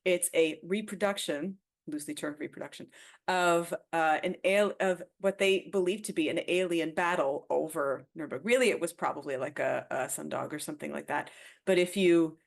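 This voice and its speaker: A woman author guesting on a podcast, chatting casually with a lively, teasing, storytelling manner. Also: sits low, moderate pace, gravelly. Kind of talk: casual chat.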